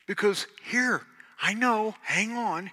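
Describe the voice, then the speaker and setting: A man with a Southern accent, a pastor making church announcements in a loud, animated, joking preacher style. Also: sits high, slow, breathy edge. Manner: loud, animated, jokey, swings between shouting and hushed. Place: church sanctuary. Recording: long hall reverb.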